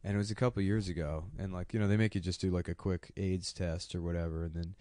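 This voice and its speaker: Crude comedy podcast co-host, lowish male voice, dry close sound, rambling profane storyteller. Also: steady tone, quick pace, mellow, no room sound. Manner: rambling, profane, jumps into mocking put-on voices.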